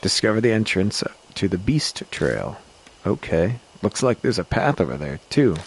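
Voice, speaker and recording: A man streaming a horror game, reading the text aloud at a measured pace with casual asides. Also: on the low side, very animated, creaky, slight background noise. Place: home streaming setup.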